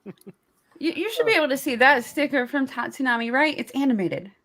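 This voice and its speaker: A woman's voice: sits high, expressive, brisk, a bit bright. A woman chatting on a live stream panel, cheerful and giggly. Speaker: livestream panelist. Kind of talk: casual live stream chat.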